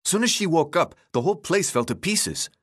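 A man's voice: a little high, animated, normal speed, husky, pitched above the performer's own voice. A man acts out a hands-on-hips teenage boy in a storybook, suspicious and challenging. The voice sits a little above the reader's own. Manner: skeptical, challenging.

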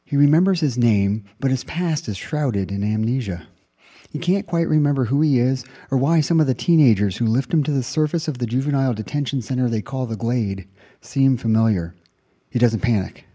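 A man hosting an audiobook review podcast in a measured, informative scripted delivery. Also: medium pitch, mellow, husky.

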